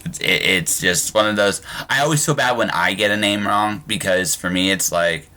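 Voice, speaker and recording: A man's voice: lowish voice, moderate pace, pushed and bright. A man hosting a podcast interview in casual conversation, often restarting and repeating words as he thinks aloud. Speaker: podcast host.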